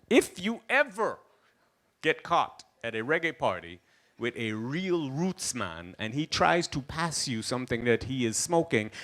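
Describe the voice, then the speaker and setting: A man's voice: mid-range voice, fairly bright tone. A young man performing a stand-up comedy set, telling stories animatedly with lots of asides.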